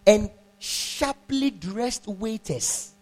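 A man preaching a sermon, animated, half-singing his phrases, laughing and quizzing the congregation. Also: high voice, very slow. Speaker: pastor.

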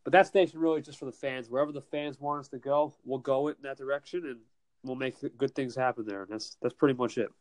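A man's voice: medium pitch, steady tone, fast. Rambling casual man from New Jersey. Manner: rambling, with many restarts and fillers. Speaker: internet radio station host. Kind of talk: casual chat. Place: home, winter in New Jersey.

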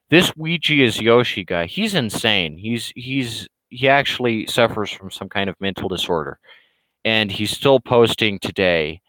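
Rambling man with a smooth, low voice. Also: a bit bright, dry recording, rough recording. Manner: rambling, hesitant, frequent restarts. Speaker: streamer and comic creator. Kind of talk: casual livestream talk, reading viewer questions.

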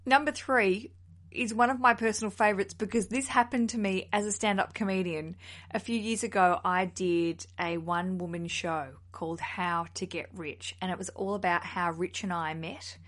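A woman, hosting a casual solo podcast in a chatty, animated, self-mocking way. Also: medium pitch, moderate pace. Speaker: podcast host.

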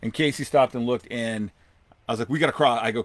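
A man hosting a podcast, telling a long outdoor story in a rambling, animated way and acting out what people said. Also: medium pitch, fast talker, no echo. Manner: rambling, animated, acts out quotes. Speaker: podcast host. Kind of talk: casual storytelling.

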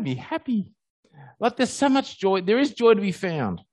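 An Australian man gives a conversational sermon built on personal stories, speaking at normal speed. He's an animated, relaxed storyteller whose pitch leaps high whenever he hits a happy or exciting moment. The recording is close and dry, with no room sound at all.

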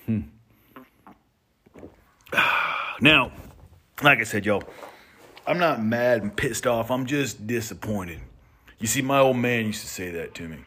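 A man's voice: mid-range voice, a little slow, pauses often, pushed and bright. A man from North Idaho delivering a folksy, drawling comedic rant from his home workshop, chuckling between lines. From North Idaho, USA. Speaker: comedic monologuist.

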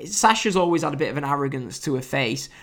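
A man's voice: a little high, lively intonation, quick pace, fairly bright tone. A British man with an English accent, hosting a casual solo wrestling review podcast, chatty and wry with frequent fillers and restarts. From United Kingdom.

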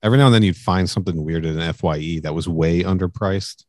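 Very deep-voiced man, casual and dry. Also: fast talker, no room sound. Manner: laid-back storyteller, trails off with "you know?". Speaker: podcast co-host. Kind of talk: casual chat.

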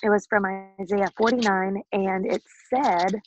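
A woman's voice: medium pitch, fairly even intonation, slow pace, long pauses, no room sound, rough recording. A woman in her thirties telling a personal faith story as an interview guest, earnest and emotional, laughing often and close to tears. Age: 30s.

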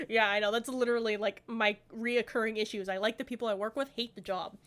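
A young woman rambles through a casual podcast chat, full of fillers and quick laughs. Her voice sits a little high. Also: steady tone, fairly bright tone. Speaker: podcast co-host.

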